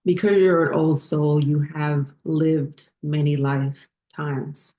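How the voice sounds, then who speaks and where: A woman hosting a spiritual vlog, talking unhurriedly with many fillers as she glances at her notes, her voice getting hoarse. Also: sits low, level tone, slow pace, dark tone. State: losing her voice. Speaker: spiritual channel host.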